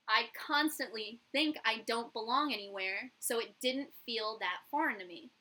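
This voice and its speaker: A woman's voice: a little high, bright, forceful tone, low-quality recording. A young woman, a YouTuber and hairstylist, telling a candid, profane story in a casual vlog and acting out the dialogue.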